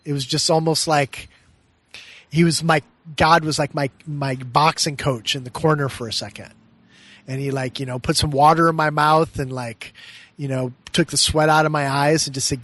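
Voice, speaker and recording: A middle-aged man speaks with a slightly raised pitch, close and dry with no room sound. He tells personal stories earnestly and reflectively as a meditation teacher, and often laughs softly mid-sentence. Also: moderate pace, no echo. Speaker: meditation teacher and podcast guest. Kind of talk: heartfelt personal storytelling in conversation.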